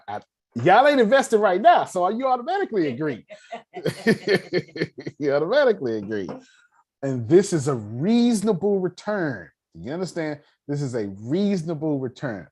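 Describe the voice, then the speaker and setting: A man hosting an online meeting on personal finance, talking casually and animatedly, joking and calling on listeners. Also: a little high. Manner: animated, calls on listeners, joking, lots of restarts. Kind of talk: casual teaching talk.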